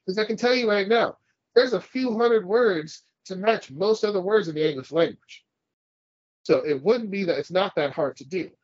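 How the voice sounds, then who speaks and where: A man's voice: high-pitched, moderate pace, slightly rough, no room sound, highs cut off. A man co-hosting a casual podcast, ranting and swearing as he argues his point. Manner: profane, ranting, argumentative. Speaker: podcast co-host.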